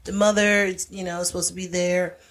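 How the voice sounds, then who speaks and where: Low-voiced woman retelling a film. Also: a little fast. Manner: animated storytelling, heavy "like" fillers. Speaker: podcast co-host. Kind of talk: casual chat recapping a film.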